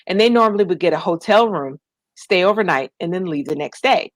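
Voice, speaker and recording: A woman with a somewhat low voice tells her story in an interview. She is animated and acts out the voices she quotes. The sound is dry and close. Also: a little fast, dry recording. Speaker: guest, nonprofit founder.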